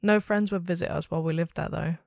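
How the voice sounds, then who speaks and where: A woman hosting a story podcast, reading a listener's ghost story aloud with steady, expressive storytelling. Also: fairly low pitch, fast talker, vocal fry, no room sound, clean studio sound.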